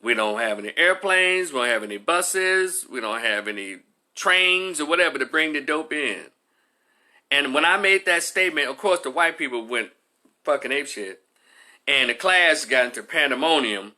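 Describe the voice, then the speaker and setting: A man casually telling a personal story as a commentator, animated, profane and conversational. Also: fairly high pitch, normal speed. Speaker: vlogger and commentator.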